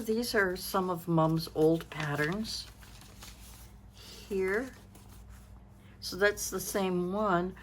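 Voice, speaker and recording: A Canadian craft vlogger in her sixties with a deep voice chats casually in a show-and-tell style, rambling and thinking aloud. She sounds tired and yawns, and there's slight background noise.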